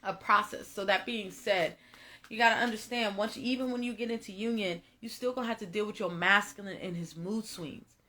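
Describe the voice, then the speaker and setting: A young woman delivers a casual tarot reading straight to her audience. Her voice is bright and forceful. She talks emphatically, swears freely, and keeps circling back to the same phrases. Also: mid-range voice, steady tone, a little fast. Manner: emphatic, repetitive, profane, addresses viewers directly. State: tearful at moments. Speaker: tarot reader. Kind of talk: casual spiritual reading monologue.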